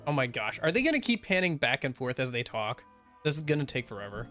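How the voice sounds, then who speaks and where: A man's voice: mid-range voice, big pitch swings, fast, fairly bright tone, faint music behind. An American man giving casual, wry commentary while streaming a video game.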